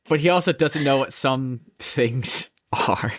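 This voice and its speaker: A man co-hosting a podcast in casual chat, telling a story in an animated, profane way. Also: mid-range voice, no room sound, studio quality. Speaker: podcast co-host.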